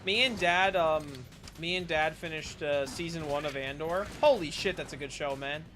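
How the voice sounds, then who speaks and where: This young male streamer chats casually while gaming, his voice on the high side at a normal speed. He's profane and rambling, packing his talk with fillers. Music plays behind him throughout.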